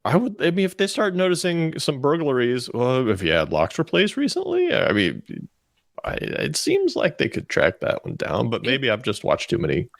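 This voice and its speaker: A man's voice: mid-range voice, huge pitch swings, normal speed, gravelly, no room sound. A man co-hosting a podcast in casual chat, with dry humor. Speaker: co-host.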